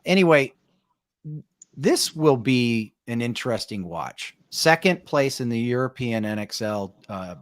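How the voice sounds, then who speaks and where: A man talking paintball on a podcast panel, analyzing teams in a relaxed, conversational way. He fills pauses often and tags lines with "right?". The recording is dry and close, with no room sound. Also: mid-range voice, no echo. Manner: conversational, tag questions, frequent fillers. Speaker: paintball coach and show panelist.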